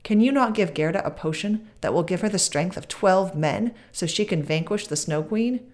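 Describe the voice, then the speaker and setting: A woman's voice: fairly low pitch, lively intonation, normal speed, a little mellow, close to an everyday voice. A woman doing a kindly, loyal reindeer. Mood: pleading. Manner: earnest, polite.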